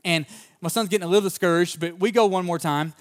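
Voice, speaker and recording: A male pastor preaching a sermon and telling personal stories, fervent in places and relaxed in others. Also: high-pitched, quick pace, clear, resonant tone. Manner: fervent at the open, then relaxed anecdotal storytelling.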